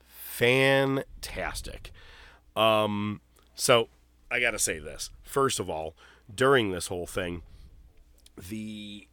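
A man's voice: lowish voice, lively intonation, takes it slowly, pauses often, a bit bright, clean tone, dry recording. A man hosting a podcast in casual chat, telling long, rambling stories with plenty of swearing. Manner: profane, rambling storyteller. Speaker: podcast host.

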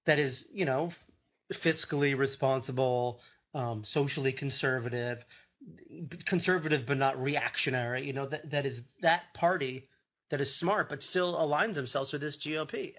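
Bright-voiced joking male podcast host. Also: on the high side, normal speed. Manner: joking, rambling, animated. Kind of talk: casual comedic political chat.

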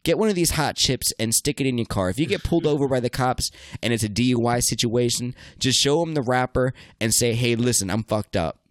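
A man hosting a casual chat, telling a crude, profane story with lively energy. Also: medium pitch, brisk, few pauses, no echo.

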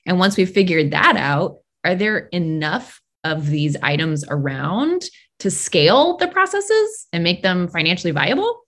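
A woman co-hosting a podcast in casual, expressive chat, often incredulous. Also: lowish voice, unhurried. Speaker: podcast co-host.

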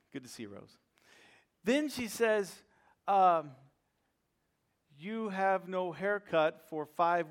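A middle-aged man preaching a sermon, telling a humorous personal story in a lively, self-deprecating way. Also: high voice. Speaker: pastor.

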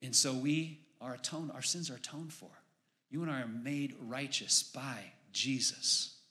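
A pastor preaching a sermon in church, building to emphatic, raised exclamations on key points. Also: male voice, mid-range voice, unhurried, pushed and bright.

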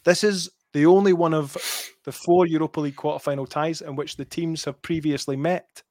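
A Scottish man hosts a casual football podcast, his voice a touch high and recorded dry and close. He chats easily and quizzes his co-host with stats. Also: steady tone, fairly quick, a little mellow, no echo.

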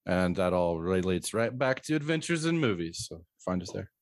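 A man's voice: sits low, very animated, normal speed, no echo, studio quality. A man appearing as a podcast guest, talking about horror films casually and stumbling over his words. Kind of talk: casual film discussion.

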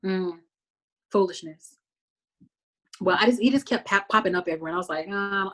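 امرأة من تكساس تقدم بودكاست بحماس. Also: female voice, mid-range voice, fairly quick, pauses often. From Texas. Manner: animated, detailed retelling with many fillers. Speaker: podcast host recapping a TV show. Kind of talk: casual chat.

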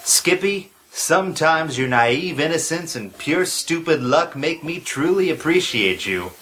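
A man voicing a sarcastic, grumpy adventurer in a comedy audio drama, with a deadpan delivery. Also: on the high side, measured pace, a little hiss or hum.

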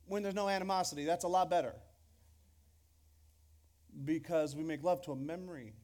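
A pastor with a high-pitched man's voice delivers a sermon in front of his congregation. He talks in a loose, conversational way, jokes with the crowd and often restarts his sentences. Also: moderate pace, darkish tone. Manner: conversational and joking, with repeated restarts. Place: church hall before a congregation.

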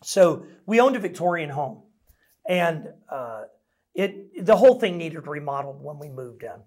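Middle-aged male pastor, sermon delivery, lively swooping voice, casual storyteller with a self-mocking streak. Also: a little high, normal speed. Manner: conversational storytelling, self-deprecating humor.

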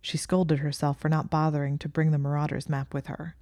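A woman reads a story aloud in an even, calm manner. Her voice is low and mellow, with a close, dry sound. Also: brisk, dry recording. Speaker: narrator. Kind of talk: fan fiction reading.

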